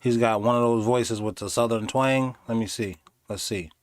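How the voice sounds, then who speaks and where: A man doing casual live commentary on videos, animated and sarcastic, slipping into mocking voices. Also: medium pitch, normal speed, no room sound. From inner city. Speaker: streamer reacting to videos.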